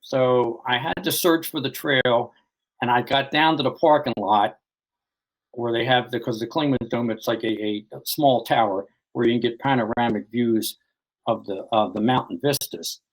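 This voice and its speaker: A man's voice: mid-range voice, fairly even intonation, normal speed, rough recording. A man recounting a personal story as an author guest in an interview, rambling and full of "you know" and restarts.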